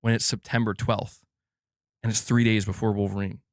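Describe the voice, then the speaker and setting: A man's voice: on the low side, little pitch movement, moderate pace, no room sound, clean studio sound. A young man hosting a gaming channel, ranting with exasperation, swearing often and restarting his sentences. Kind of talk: heated solo rant.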